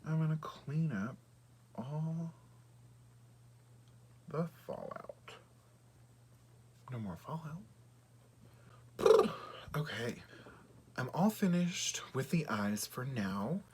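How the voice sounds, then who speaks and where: A man chatting casually through a makeup tutorial, often dropping to a soft half-whisper while he works. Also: fairly high pitch, lively intonation, drawn-out words, pauses often, noisy background. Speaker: beauty vlogger.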